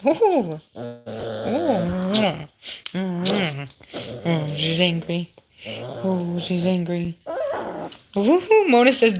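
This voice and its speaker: A woman's voice: lowish voice, sing-song, drawn-out words, long pauses, a little mellow. A woman breeding dogs, chatting casually on a livestream and teasing her puppies in a playful scolding way. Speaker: dog breeder hosting a livestream.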